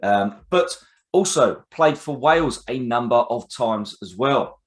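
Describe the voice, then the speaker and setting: A man's voice: mid-range voice, lively intonation, unhurried. Hesitant male podcast host. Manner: hesitant with frequent fillers. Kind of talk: casual interview.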